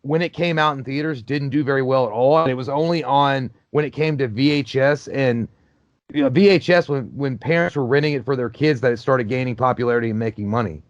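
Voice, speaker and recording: Speaking a little fast at medium pitch, a man gives casual movie commentary, riffing on the screen with loose, profane humor. There's no echo; the recording is dry and slightly dull, as from a basic home mic.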